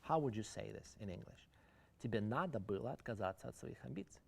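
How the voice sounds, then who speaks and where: A man's voice: lowish voice, expressive, fast, gravelly. A man with a Ukrainian accent giving an online English lesson, explaining idioms and asking viewers to answer in the chat. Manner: explains idioms, switching between English and Russian. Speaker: English teacher. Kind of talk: online lecture.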